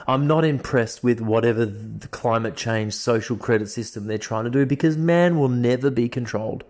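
A man's voice: medium pitch, a little mellow. A man preaching a sermon, stacking up emphatic, repeated declarations. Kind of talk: fiery street-style sermon.

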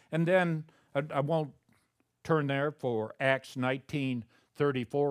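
Pastor preaching in a dry close sound. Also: male voice, on the low side, dry recording. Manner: conversational preaching, rising to loud emphatic peaks. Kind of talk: sermon.

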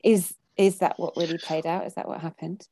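A woman interviewing a guest, asking her questions in a halting way with frequent restarts. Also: lowish voice, fairly even intonation, dark tone, dry recording. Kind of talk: conversational interview.

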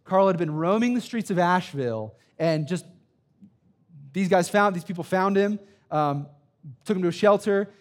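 A man's voice: high-pitched, expressive, moderate pace. A man in his thirties, a student pastor preaching a sermon with emphatic, repetitive phrasing, often checking in with "right?" and telling personal stories. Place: church sanctuary.

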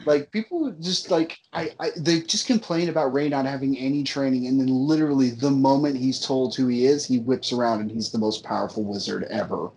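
A man's voice: medium pitch, fairly quick, few pauses, a little mellow, a little hiss or hum. A man ranting in casual talk about a movie he disliked, emphatic and profane, often repeating himself for effect. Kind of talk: casual movie-review rant.

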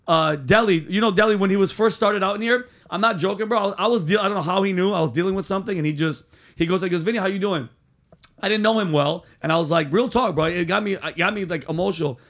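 Podcast host, male, high and gravelly, loose profane slang, casual. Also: fairly bright tone. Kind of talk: casual chat.

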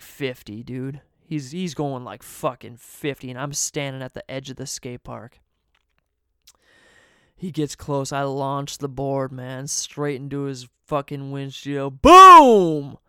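Man, casual storytelling, swears a lot, laid-back, smooth clear voice, dry close sound. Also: medium pitch, level tone, measured pace, dry recording. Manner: laughs between sentences.

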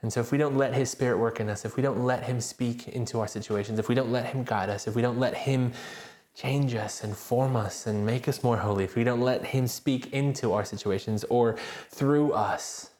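Pastor preaching in a roomy hall. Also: male voice, medium pitch, normal speed. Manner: animated, self-deprecating storyteller. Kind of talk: sermon with personal story.

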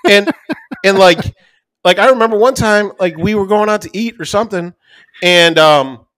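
A man co-hosting a podcast, telling a profane, animated anecdote in casual chat. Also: high voice, smooth, dry recording. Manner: animated, profane, fast-rambling anecdote with acted-out quotes. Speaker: podcast co-host.

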